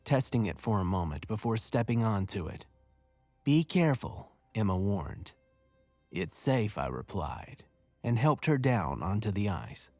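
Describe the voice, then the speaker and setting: Low-voiced man narrating a horror story. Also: no room sound. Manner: measured, steady storytelling. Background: faint music.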